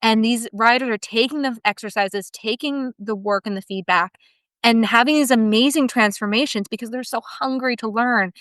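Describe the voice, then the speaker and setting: A woman speaks on a podcast with a smooth, resonant voice. She tells heartfelt, rambling stories, restarting her sentences as she goes. The recording is close and dry. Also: on the high side, moderate pace, a bit bright, no echo. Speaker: guest, team member of a dressage education business. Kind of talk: casual podcast interview storytelling.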